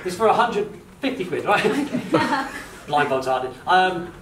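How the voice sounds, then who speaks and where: A man's voice: sits high, big pitch swings, measured pace, distant mic. A man performing a live comedy magic show, teasing and bantering with volunteers. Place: large indoor hall with an audience. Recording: roomy hall, voice from afar, audience noise.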